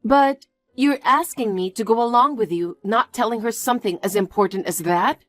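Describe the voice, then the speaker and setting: A woman's voice: on the high side, moderate pace, faint music behind, pitched above the performer's own voice, close to an everyday voice. A woman voicing an earnest, anxious young fiancée who pleads and questions in disbelief. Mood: incredulous. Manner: pleading and incredulous.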